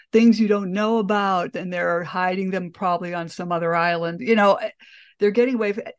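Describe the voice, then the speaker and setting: A woman hosting a podcast, agreeing with her guest and adding her own sympathetic, animated remarks. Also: lowish voice. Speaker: podcast host. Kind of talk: podcast interview.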